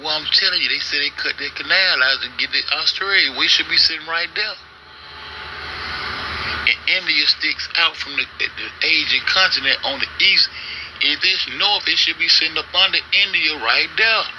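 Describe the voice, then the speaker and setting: A man's voice: fairly high pitch, moderate pace, bright, forceful tone. Profane ranting man, noisy recording. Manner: argumentative, profane, reads search results aloud. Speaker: online show host. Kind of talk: casual ranting commentary.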